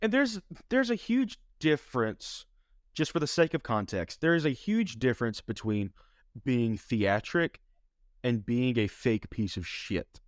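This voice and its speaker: A young man co-hosting a podcast in casual, profane, animated chat. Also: mid-range voice, unhurried, no room sound, clean studio sound. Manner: animated, profane, acts out quotes. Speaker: podcast co-host.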